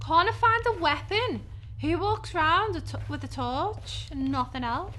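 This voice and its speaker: A woman's voice: very high-pitched, animated, a little slow, pushed and bright, slight background noise. A young woman with a gaming headset, giving horror game let's play commentary; jumpy, she shrieks and swears when startled. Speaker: gaming channel host.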